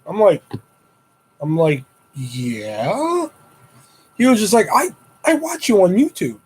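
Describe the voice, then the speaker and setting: High-voiced man ranting on a livestream. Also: a little slow, pauses often, slight background noise, low-quality recording. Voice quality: profane, rambling storyteller. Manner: animated retelling with high-pitched quoted exclamations. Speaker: livestream host. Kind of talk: casual live-stream chat.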